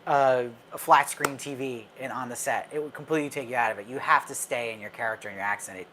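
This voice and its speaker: A man's voice: mid-range voice, fast talker, background noise. A man hosting a live stream as a film commentator, talking casually with viewers and answering their comments in a chatty, opinionated way with frequent fillers and restarts.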